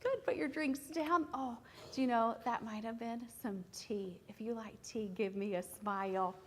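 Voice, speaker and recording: A woman's voice: fairly high pitch, normal speed, big-room sound. A woman teaching a phonics lesson to young children, prompting them in a sing-song classroom manner. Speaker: kindergarten teacher. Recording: classroom video with loud background noise.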